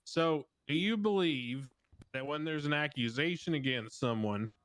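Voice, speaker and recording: A man's voice: fairly high pitch, measured pace, a bit bright. A man playing a judge in a roleplay court, questioning people sternly and probing them. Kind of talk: in-character roleplay banter.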